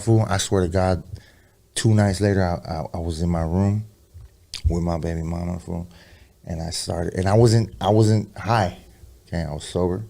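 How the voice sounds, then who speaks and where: A man telling a personal story in a rambling, profane way, full of slang asides, who drops low and quiet for the eerie parts. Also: vocal fry. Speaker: podcast guest, rapper. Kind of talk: casual storytelling interview.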